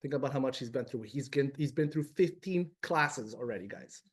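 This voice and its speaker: A man's voice: medium pitch, a little fast, breathy edge. A man teaching a religious class to a live and online group, casual and emotional, talking straight to his students. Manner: animated, emotional, addresses class directly. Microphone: live class also streamed to video call.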